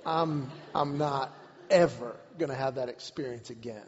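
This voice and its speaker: A man preaching a sermon, telling a personal story in an animated way, repeating words and shouting at the climaxes. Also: mid-range voice, moderate pace. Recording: dull recording with long hall reverb.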